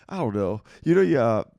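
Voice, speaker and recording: A man hosting a podcast in casual chat, relaxed and full of fillers, swearing freely, close to the mic. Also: mid-range voice, measured pace, gravelly, dry recording, dull audio. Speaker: podcast host.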